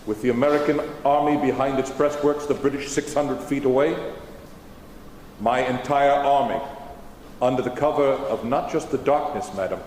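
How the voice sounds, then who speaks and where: A man's voice: mid-range voice, moderate pace, darkish tone, close to an everyday voice. A man playing George Washington on stage, answering questions in formal eighteenth-century speech. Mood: measured. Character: George Washington, stately formal elder statesman. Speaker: historical re-enactor. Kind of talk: in-character stage Q&A. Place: high school auditorium stage. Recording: echoey auditorium, faint hum.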